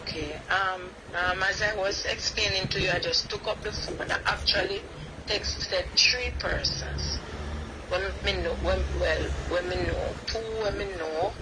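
A woman with a Jamaican accent calling in, speaking hesitantly and apologetically with many pauses. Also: medium pitch, steady tone, noisy background. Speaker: caller.

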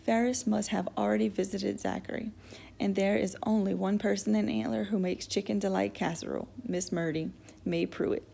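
A woman narrating a novel in the first person with steady, even storytelling. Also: mid-range voice, moderate pace, gravelly, breathy edge. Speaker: audiobook reader.

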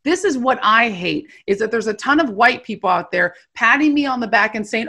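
A woman's voice: fairly high pitch, expressive, brisk, vocal fry, hardly any pauses. A woman guest arguing hard and indignantly in a heated podcast debate. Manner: forceful, indignant.

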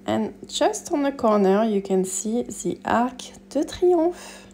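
Slow-talking woman stylist. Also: medium pitch. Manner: relaxed, chatty, enthusiastic about pieces. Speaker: personal shopper and stylist. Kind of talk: shopping vlog narration. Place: Paris shops and rooftop.

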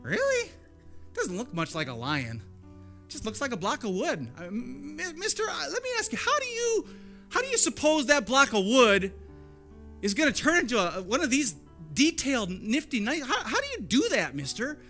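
Man doing a stammering, wide-eyed little boy in a sermon story, voice jumped way up high and bright. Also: normal speed, soft background music, exaggerated voice. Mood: curious. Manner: stammering, excited questions. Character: eager curious little boy.

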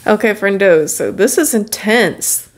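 A woman's voice: medium pitch, expressive, a little slow, soft background music. Upbeat woman doing a makeup tutorial, chatty, talks right to her viewers. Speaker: beauty vlogger.

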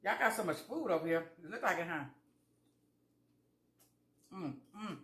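Her voice is on the low side, expressive and fairly bright, delivered at normal speed in an echoey room. This vlogger eats while chatting casually to viewers, telling folksy stories and playing both roles in conversations.

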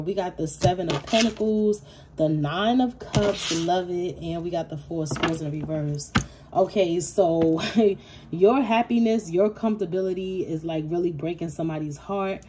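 A woman doing a casual tarot reading to camera, animated and profane, with speech and frequent laughing asides. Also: lowish voice, noisy background. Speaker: tarot reader.

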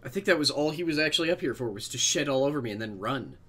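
A man's voice: mid-range voice, animated, rapid-fire, sharp tone, breathy edge. A young adult man livestreaming a game, chatting casually with viewers in a rambling, self-deprecating way and swearing freely. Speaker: game streamer.

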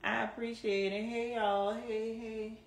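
On a phone in an echoey room with a faint hum, a woman with a voice on the high side chats unhurriedly with her live stream viewers. She laughs often while answering comments, speaking with a strong Southern drawl and relaxed slang.

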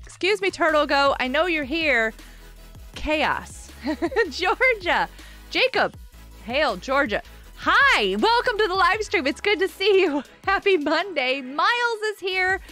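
A woman's voice: very high-pitched, sing-song, slow pace, pushed and bright, soft background music. A woman chatting casually on a gaming live stream from a carpeted room at home, giggly and laughing often.

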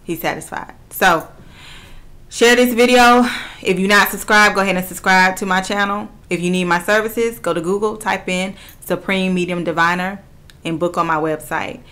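Earnest woman medium, low bright voice. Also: fairly even intonation, normal speed. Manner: earnest, repeats phrases, relays messages. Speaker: spiritual medium. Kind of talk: channeling reading to camera.

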